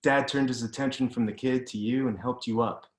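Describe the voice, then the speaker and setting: A man reading his own prose at a steady, deliberate pace, like an author at a reading. He sounds like he is on a video call, and the room around him adds a clear echo. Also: medium pitch. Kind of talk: literary reading. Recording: roomy echo.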